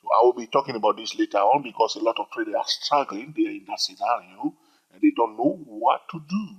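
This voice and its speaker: A man's voice: lowish voice, quick pace, breathy edge. A man teaching about trading in an emphatic, repetitive style, often checking in with "all right?". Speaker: trading educator. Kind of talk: informal teaching monologue. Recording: dull lo-fi recording.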